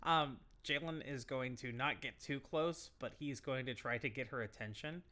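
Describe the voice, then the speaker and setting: Bright-voiced man playing a tabletop game. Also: mid-range voice, normal speed. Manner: eager, declares character actions. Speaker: player.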